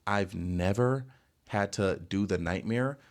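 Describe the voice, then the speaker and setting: A young man casually telling a storytime rant, rambling with lots of filler words and sudden jumps in pitch. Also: slow, very noisy. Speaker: storytelling vlogger.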